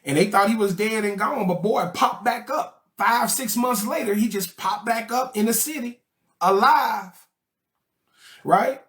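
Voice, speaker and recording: A high-pitched, slightly bright male voice explains things to a study group at an unhurried pace. He jokes around in a casual lecture style, packing in slang and checks like "okay?" and "right?".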